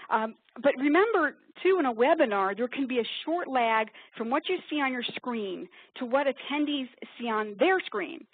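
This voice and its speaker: A woman from upstate New York presenting a webinar, talking quickly in a chatty, self-deprecating way. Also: fairly high pitch, expressive. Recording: tinny phone-like webinar audio.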